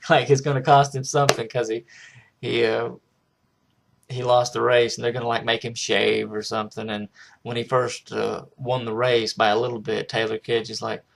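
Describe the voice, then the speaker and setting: A man talks through a film in a loose, rambling recap, restarting his sentences as he goes. His voice is gravelly and stays fairly flat in pitch, sitting in an ordinary middle register. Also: normal speed. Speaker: film reviewer. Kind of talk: casual spoken film recap.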